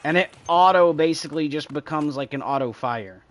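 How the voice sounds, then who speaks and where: A man's voice: fairly high pitch, fairly quick. Man, gameplay streamer, casual rambling commentary, faint background noise. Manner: rambling, talks to chat, imitates sounds.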